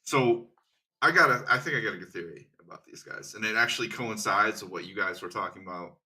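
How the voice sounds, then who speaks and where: A man with a very bright, forceful voice lays out a fan theory in casual podcast chat. His pitch sits a little low and he keeps checking his points with questions. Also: a little fast. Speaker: podcast co-host.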